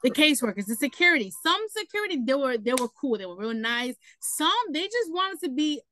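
A young woman, a guest telling her own story in casual talk, animated and quick to laugh, leaning on "you know" between thoughts. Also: high voice, a little hiss or hum, low-quality recording. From New York City.

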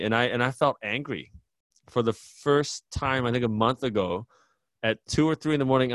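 A man in his own casual interview, talking in a candid, rambling way that keeps circling back on itself. His voice sits at a middling pitch and sounds dry and close, with little room around it. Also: fairly bright tone, no echo. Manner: candid, rambling, self-deprecating. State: tired new parent. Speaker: podcast host.

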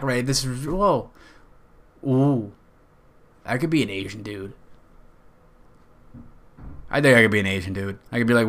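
A man's voice: medium pitch, sharp tone. A young man hosting a podcast, rambling through a profane, self-mocking comedic monologue. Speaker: podcast host.

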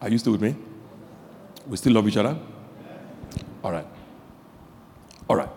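A male pastor preaching a sermon, swinging from quiet asides to shouted emphasis, repeating phrases and asking the audience questions. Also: lowish voice, lively intonation, moderate pace, in a large hall, a little hiss or hum.

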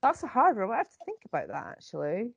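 A Scottish woman co-hosting a casual chat, animated and thinking aloud with plenty of ums. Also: fairly high pitch, quick pace, creaky, husky, dry recording, muffled recording. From Scotland. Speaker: podcast co-host.

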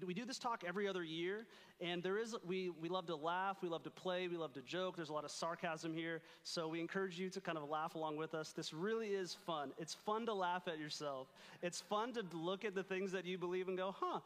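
A man's voice: fairly high pitch, fairly bright tone, long reverb tail. A young man giving an earnest, playful talk at a retreat as a campus ministry speaker. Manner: earnest, playful, reads scripture aloud. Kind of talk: sermon-style talk at a retreat.

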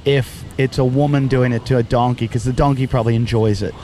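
A man hosting a podcast, telling crude stories in animated, profane casual banter into a studio microphone. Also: mid-range voice, brisk, slight background noise. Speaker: podcast host.

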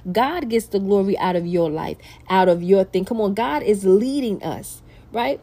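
A woman's voice: medium pitch, measured pace. A woman hosting a Christian podcast, talking casually about faith and reading scripture aloud, using slang as she goes. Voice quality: animated, conversational preaching with slang. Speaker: podcast host.

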